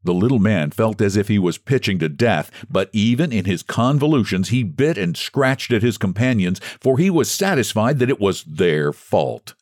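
A man hosting and reading a story aloud in scripted, expressive, dramatic narration. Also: lowish voice, moderate pace, few pauses, no echo, studio quality. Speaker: host and story reader.

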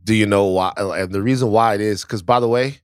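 A Baton Rouge, Louisiana man co-hosts a podcast, telling stories in a loose, profane, casual way with lots of restarts. His lowish voice is steady, smooth and a little fast, recorded in studio quality with no room sound.

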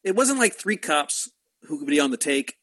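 A man's voice: a little high, sing-song, moderate pace, fairly bright tone. A man co-hosting a casual movie podcast, making exasperated, sarcastic complaints. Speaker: podcast co-host. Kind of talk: casual movie-review chat.

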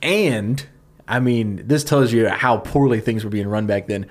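A man telling a story on a comedy podcast, talking fast and loosely. He piles on fillers and jokes as he goes. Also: medium pitch. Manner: fast, animated retelling with fillers and laughs. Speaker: podcast co-host pitching a story.

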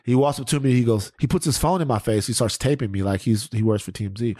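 Profane, animated podcast host man. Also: medium pitch, quick pace, few pauses, no room sound, clean studio sound. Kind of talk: casual chat.

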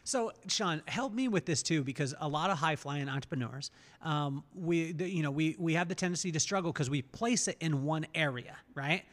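A man hosting a conversational podcast, with a voice that sits fairly high. He tells stories with energy and slips into voices as he retells them. The room gives his voice a long, ringing reverb. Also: moderate pace. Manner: animated storyteller, acts out voices in retellings. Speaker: podcast host. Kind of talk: conversational interview.

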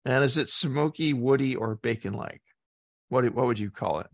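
Gravelly man hosting a beer chat. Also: medium pitch, no echo, clean studio sound. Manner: reads facts aloud, halting with fillers. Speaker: podcast co-host. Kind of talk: casual beer-tasting chat.

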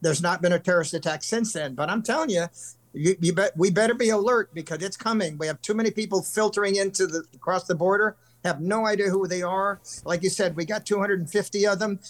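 A man's voice: sits high, fast talker. An older man from California, a country singer guest telling long earnest stories in casual interview chat. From California, USA. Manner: earnest, rambling storyteller.

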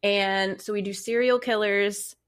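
A woman's voice: medium pitch, fairly even intonation, a little slow, clear, resonant tone. Chatty laughing woman podcast host. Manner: chatty, laughs often, storytelling. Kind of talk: casual chat.

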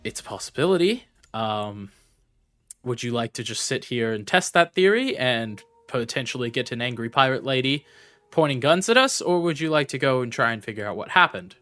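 A man playing his character in a tabletop game, speaking in a measured, reasoning way. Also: medium pitch, lively intonation, bright, forceful tone, faint music behind. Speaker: player. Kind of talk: in-character tabletop role-play.

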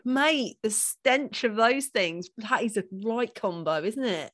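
A woman's voice: fairly high pitch, lively intonation, slow pace, a bit bright. A woman co-hosting a podcast, chatting playfully and laughing often. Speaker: podcast co-host. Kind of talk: casual podcast chat.

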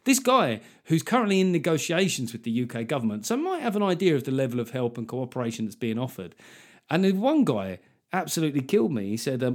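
A man hosting a solo podcast, ranting in an animated, sarcastic way and swearing freely. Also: medium pitch, fast. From Manchester, England. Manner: animated ranting, swears freely, mocking put-on voices of critics. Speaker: podcast host and comedian.

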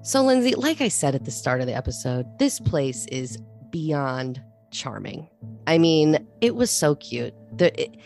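Low-voiced woman, animated storyteller. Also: a little slow, soft background music. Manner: animated storyteller, acts out quotes. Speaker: podcast co-host. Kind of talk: casual chat.

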